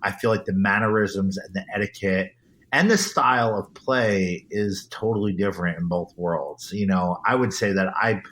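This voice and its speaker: Earnest low-voiced man talking shop. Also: moderate pace, fairly bright tone. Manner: earnest and emphatic, with frequent restarts. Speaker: guest, event DJ. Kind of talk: casual interview.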